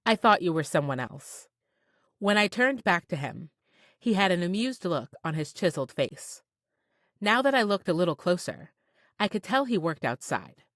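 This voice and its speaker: A woman narrating a first-person romance audiobook in an expressive, playful way. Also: fairly low pitch, moderate pace, dry recording. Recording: dry close studio sound.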